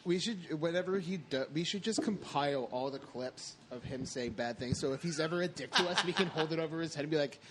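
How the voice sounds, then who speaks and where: A young man co-hosting a podcast, making dry deadpan jokes in casual chat. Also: a little high, a little fast, hardly any pauses. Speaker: podcast co-host. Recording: noisy room recording.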